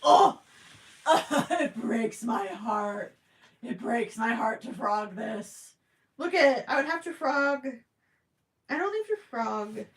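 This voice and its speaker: A woman's voice: a little high, animated, takes it slowly. A young woman casually chatting on a livestream while crocheting, reading viewer questions aloud and teasing herself. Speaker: livestream host.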